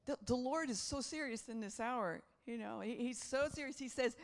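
A middle-aged woman preaching a charismatic sermon with passion, repeating phrases and rising to near shouts. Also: high-pitched, normal speed.

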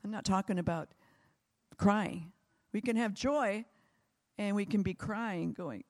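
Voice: medium pitch, takes it slowly, creaky, pauses often, long reverb tail. A preacher delivering a sermon that closes in prayer, with fervent, repetitive exhortation.

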